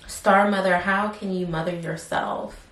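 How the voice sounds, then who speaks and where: A woman doing a casual tarot reading, rambling with many fillers and softly murmuring questions to spirit between cards. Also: lowish voice, steady tone, measured pace. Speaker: tarot reader. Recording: roomy echo, faint background hiss.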